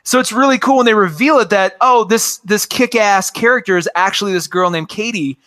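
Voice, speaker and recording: With a brisk pace and a sharp tone in his high-sitting voice, a man in his forties talks casually about cartoons. He's enthusiastic and rambles, using many fillers.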